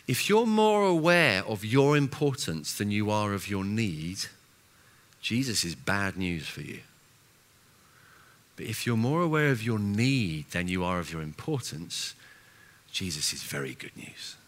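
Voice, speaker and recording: A senior pastor preaching a sermon in an animated, self-mocking way, with frequent restarts and big swings between loud and soft. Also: male voice, on the low side, unhurried.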